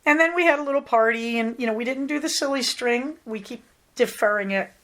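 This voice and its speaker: A woman's voice: on the high side, brisk, a bit bright. A middle-aged woman from Southern California hosting a podcast in a chatty, rambling, affectionate way. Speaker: podcast host. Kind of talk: casual chat.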